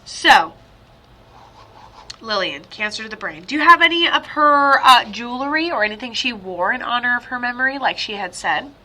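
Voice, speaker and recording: A woman psychic medium talks through a reading for a client in a loose, rambling way. Her voice sits high and sounds bright and sharp. She breaks into sudden excited outbursts now and then, heard over a video call. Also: moderate pace.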